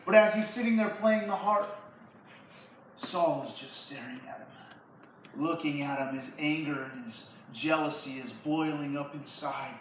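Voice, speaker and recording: A high-voiced man telling a Bible story to a youth group, lively and slangy. His voice bounces around a large church hall, picked up from far back, with a faint hiss under it. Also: a little slow. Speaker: youth pastor.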